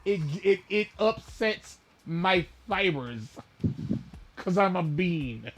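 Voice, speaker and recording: A man co-hosting a gaming podcast, casually and profanely retelling a film, with bursts of loud emphasis. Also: high voice, animated, slow pace, a little hiss or hum.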